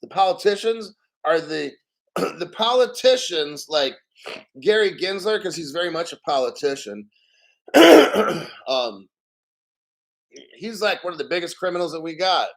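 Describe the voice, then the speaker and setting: A man's voice: fairly high pitch, very animated, measured pace, creaky, pauses often. A man hosting a crypto livestream, reading viewer comments and rambling in a conspiratorial, casual way. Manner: rambling, conspiratorial, reads chat comments aloud. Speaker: crypto channel host.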